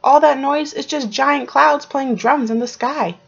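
A woman's voice: high voice, a little slow, vocal fry, pitched above the performer's own voice, heavily acted. A woman voicing a playful, reassuring young male hawk in a storybook read-aloud, in a dull lo-fi recording. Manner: lively and playful.

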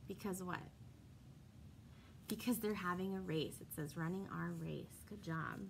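The speaker is a young woman, a kindergarten teacher with a lowish, creaky voice and an unhurried pace. She reads a picture book aloud to small children, answering her own questions and making chatty side comments, with a little hiss or hum in the audio.

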